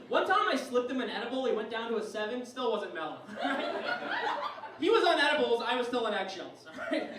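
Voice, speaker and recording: A young man with a Canadian accent, originally from Ireland, performing a self-deprecating stand-up comedy set with animated storytelling. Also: very high voice, distant mic. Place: comedy club stage. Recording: echoey room, audience laughter.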